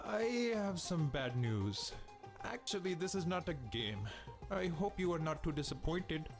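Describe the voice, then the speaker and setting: Dramatic stiff program that keeps yelling doom, highish voice. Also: male voice, sing-song, measured pace. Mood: prickly. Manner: formal, melodramatic. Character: dramatic rival game program, prickly and doom-saying. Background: game music.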